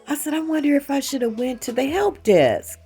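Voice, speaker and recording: A woman's voice: high-pitched, fairly quick, vocal fry, soft background music. A woman hosting her own channel, telling a story casually and acting out the dialogue, with emphatic asides to the viewers. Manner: animated retelling with quoted dialogue. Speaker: channel host.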